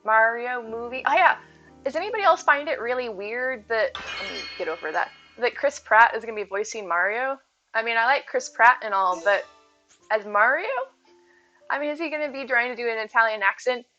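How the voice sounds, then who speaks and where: A woman's voice: on the high side, lively intonation, a little fast, pushed and bright. A woman game streamer chatting casually with her live viewers, laughing often, on slightly dull audio with faint music.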